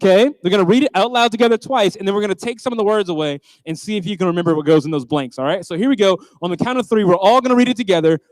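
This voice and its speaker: A man's voice: high-pitched, rapid-fire, hardly any pauses, no room sound, low-quality recording. A man hosting an online youth church service, playful and upbeat, leading a group Bible reading. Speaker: youth pastor host. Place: church stage.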